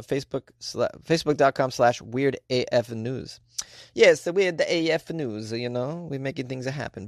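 A man's voice: medium pitch, dry recording, clean studio sound. A man hosting a comedy news podcast, rambling and joking in a playfully exasperated way, recorded in a small bedroom closet. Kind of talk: casual comedic monologue.

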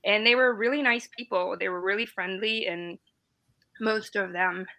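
A woman in her forties, originally from East Germany, chats casually on a live stream as a veteran guest, full of animated stories and frequent laughter. Her medium-pitched voice moves at normal speed in a low-quality recording.

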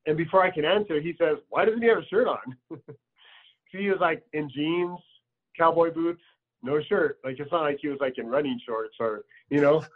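A man recounts a personal memory in an easy, rambling way, full of fillers. His voice sits a little high. The sound is thin and tinny, as if heard over a phone line. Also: moderate pace. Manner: loose and conversational, many fillers. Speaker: storyteller. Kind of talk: personal storytelling.

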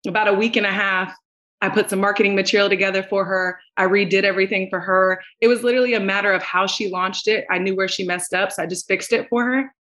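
Animated woman telling a story. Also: medium pitch, fast, rough recording. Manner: expressive, acts out quoted voices, addresses listeners directly. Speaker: podcast guest, entrepreneur.

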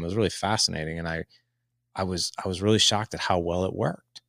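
A man in his forties with a deep voice and a gravelly edge, talking as a podcast guest. He tells stories and puts on the voices of the people he quotes. The sound is dry and close. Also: quick pace, no room sound. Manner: animated storyteller who acts out quotes. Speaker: podcast guest, dad coach. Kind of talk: conversational interview answers.

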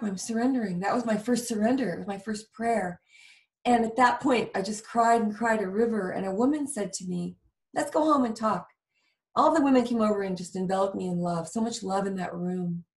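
A woman's voice: medium pitch, distant mic. Earnest woman telling her story, roomy sound. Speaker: guest. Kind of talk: personal storytelling in conversation.

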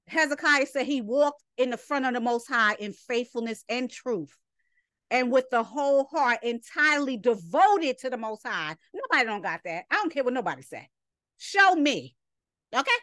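High-voiced woman teaching scripture emphatically. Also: a bit bright, no echo, studio quality. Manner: reads verses then comments emphatically, scolding and rhetorical. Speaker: Bible study teacher. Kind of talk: Sabbath scripture lesson.

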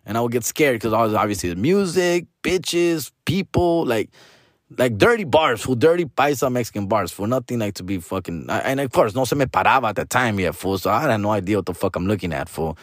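Expressive and fairly quick, this mid-range male voice comes through a dry, clean studio recording. He's a forties-aged Los Angeles man with a Chicano accent, rambling through a profane, casual story, restarting sentences, slipping into Spanish and calling the listener "fool" and "dog" again and again.

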